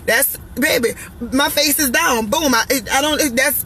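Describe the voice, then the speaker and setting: A woman's voice: high-pitched, moderate pace, hardly any pauses, sharp tone, a little hiss or hum, low-quality recording. A woman speaking her mind in a casual monologue, blunt and sassy, hammering her points by repeating them. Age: adult, parent of children. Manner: emphatic, preachy, repeating lines for effect. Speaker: vlogger giving relationship opinions.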